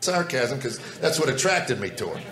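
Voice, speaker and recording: A man's voice: mid-range voice, big pitch swings, moderate pace, heavy background noise. A man doing stand-up comedy, telling a wry, playful story. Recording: roomy stage recording with loud audience.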